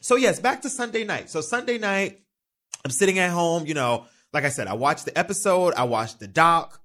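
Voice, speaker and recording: A man hosting his own podcast, telling a story in a casual, campy, animated way with frequent swearing. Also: on the high side, normal speed. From New York. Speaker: podcast host. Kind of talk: casual solo podcast chat. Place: studio.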